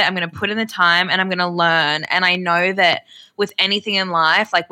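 Brief: young Australian woman, podcast guest, gushing and chatty, sharp bright tone. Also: lowish voice. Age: young adult. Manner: effusive, chatty, frequent laughs. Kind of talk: casual interview chat. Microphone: video call.

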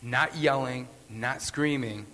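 A man's voice: medium pitch, slow pace, bright, forceful tone, long reverb tail, slight background noise. A man hosting a podcast, talking candidly and earnestly in a rambling way, repeating phrases for emphasis. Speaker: podcast host. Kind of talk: candid motivational talk.

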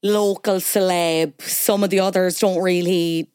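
A woman's voice: fairly low pitch, fairly even intonation, measured pace, darkish tone, clear, resonant tone, dry recording, clean studio sound. A woman hosting a podcast in casual chat, prompting her guest eagerly. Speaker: podcast host.

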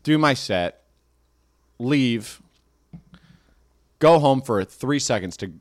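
A man's voice: mid-range voice, animated, takes it slowly. A young man, a comedian and podcast host, telling a rambling, self-mocking story in casual chat.

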